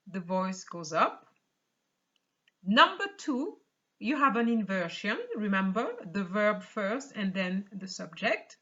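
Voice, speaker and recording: A woman teaching a beginner language lesson online, explaining slowly and carefully, repeating points and quizzing the viewer. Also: mid-range voice, bright, forceful tone, highs cut off. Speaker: French teacher.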